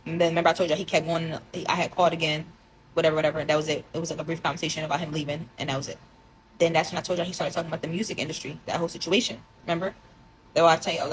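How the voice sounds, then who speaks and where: A woman's voice: low voice, background noise. A young woman telling a confessional story, rambling and emotional as she reads out old text messages. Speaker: vlogger telling her story. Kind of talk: casual storytime monologue.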